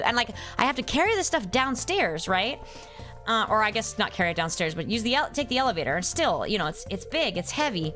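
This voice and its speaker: A woman's voice: fairly high pitch, very animated, fast talker, sharp tone, soft background music. A young adult woman streamer chatting casually with her viewers, ranting in an exasperated way. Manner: exasperated ranting, reads chat names aloud. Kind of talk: casual live-stream chat.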